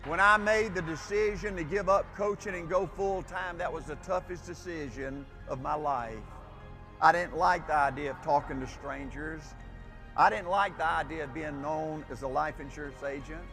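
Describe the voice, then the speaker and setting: An older man giving a motivational speech, folksy and emphatic, building up to near-shouts. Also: fairly high pitch, moderate pace. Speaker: motivational speaker. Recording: speech with music underneath.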